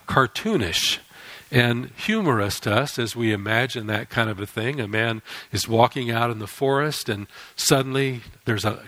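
A man preaching a sermon as an animated storyteller who acts out scripture and scenes. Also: mid-range voice, dry recording, poor audio.

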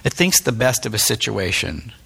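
A man's voice: on the low side, sing-song, moderate pace, creaky, sharp tone, slightly rough. A middle-aged man, a pastor, giving a candid, plain-spoken, conversational sermon with self-deprecating asides.

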